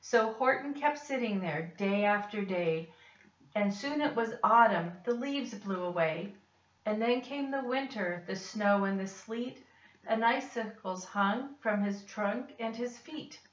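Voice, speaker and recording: A woman reading a rhyming picture book aloud with measured, expressive delivery. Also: medium pitch. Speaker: storyteller. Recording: dull, roomy, distant recording.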